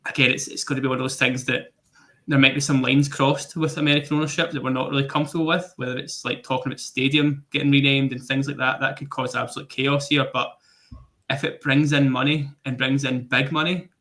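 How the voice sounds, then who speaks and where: Fast, bright-voiced young-sounding man. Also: mid-range voice, level tone. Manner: quick, plain-spoken. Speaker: podcast panelist. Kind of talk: casual football podcast chat.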